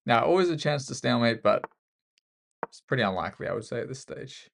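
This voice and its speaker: An Australian man talks through a chess game in casual live commentary, teasing himself and his opponent. His voice has a gravelly fry to it. His pitch swings widely as he reacts. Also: lively intonation, fast talker, fairly bright tone. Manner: self-mocking, joking banter with the opponent. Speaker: chess streamer.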